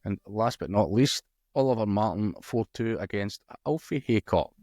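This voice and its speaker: Male co-host, casual and chatty, slightly low voice, dry close recording. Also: normal speed, no echo. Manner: relaxed, chuckles often, reads out match results. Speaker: co-host of a darts podcast. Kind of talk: casual chat.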